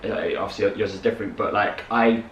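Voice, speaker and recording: The sound is lo-fi and roomy, with a distant mic and faint hiss, as a young male co-host talks fast in a lowish voice. He rambles through a casual morning chat, animatedly acting out little quotes.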